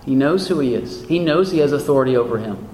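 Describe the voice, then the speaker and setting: A man's voice: mid-range voice, lively intonation, fast, a little mellow. Man, pastor, preaching, emphatic, echoey church hall, faint room noise. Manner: earnest, rhetorical questions, emphatic rises. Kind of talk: sermon.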